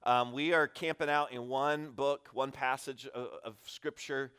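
A man's voice: mid-range voice, unhurried, smooth. Candid, self-deprecating man preaching. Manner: candid, self-deprecating, animated with acted-out asides. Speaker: guest pastor. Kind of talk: conversational sermon. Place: church sanctuary.

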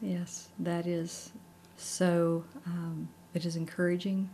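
A woman pastor with a slightly low voice leads a faith conversation. She speaks gently and encouragingly, pausing to reflect as she talks. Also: flat delivery, a little hiss or hum. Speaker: pastor and co-host.

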